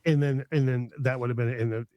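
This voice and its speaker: A man's voice: mid-range voice, steady tone, fairly quick, no room sound, dull audio. A middle-aged man chatting casually as a podcast host, enthusiastic and rambling with many fillers and restarts. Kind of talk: casual chat.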